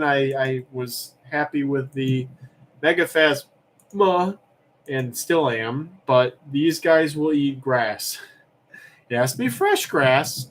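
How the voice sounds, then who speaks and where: A man's voice: mid-range voice, slight background noise. A young man hosting a livestream auction, chatting casually and rambling as he reads comments aloud.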